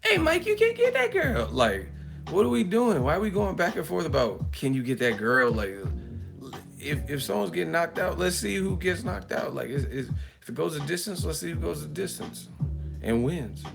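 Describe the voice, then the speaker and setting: Bay dude on a boxing livestream, all over the place pitch-wise, cussing and cracking up, little music in back. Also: male voice, normal speed, creaky. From San Francisco Bay Area. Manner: animated, profane, joking, laughs often. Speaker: boxing channel host. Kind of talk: live-stream chat reading super chats.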